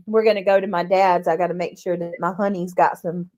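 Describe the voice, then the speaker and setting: A middle-aged woman hosting a casual livestream, chatting warmly with viewers, greeting them by name, often clearing her throat. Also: on the low side, normal speed. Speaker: livestream host.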